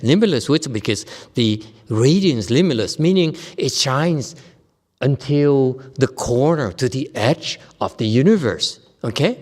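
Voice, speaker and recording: A Buddhist master from Vietnam giving a dharma lecture in a temple hall, joking and conversational, often checking in with his listeners. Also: mid-range voice. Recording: long reverb in a hall.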